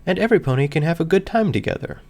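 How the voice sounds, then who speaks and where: A man voicing a cheerful, gentle pony mare who talks in a soft, earnest, lilting way. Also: fairly high pitch, lively intonation, racing, creaky, pitched above the performer's own voice. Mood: gentle coaxing.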